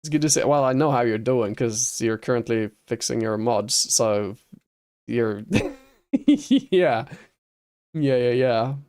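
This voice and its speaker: A man's voice: mid-range voice, very animated, slow pace, a little mellow, smooth. Easygoing Norwegian man, chuckling. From Norway. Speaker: streamer. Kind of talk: casual livestream chat with viewers.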